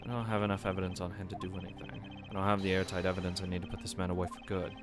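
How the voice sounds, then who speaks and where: A man voicing a composed, formal male prosecutor in a game, speaking in a measured way. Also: sits low, little pitch movement, over music, close to an everyday voice.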